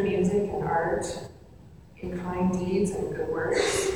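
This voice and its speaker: Woman preacher, middle-aged, low voice, reflective storytelling, distant mic, echoey hall, background noise. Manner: reflective storytelling, soft repetitions. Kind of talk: sermon with personal story.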